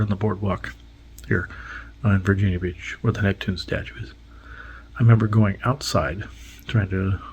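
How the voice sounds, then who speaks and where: Host, man, casual rambling monologue, gravelly voice, slips into half-whispers. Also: lowish voice, rough recording. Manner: rambling, with frequent restarts and half-whispered asides. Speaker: podcast host. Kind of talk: casual monologue recounting dreams.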